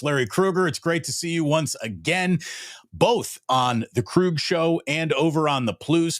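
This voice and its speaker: A man co-hosting a casual sports talk show, wry, with low drawled punchlines. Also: a bit bright, no echo, studio quality. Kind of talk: casual sports podcast chat.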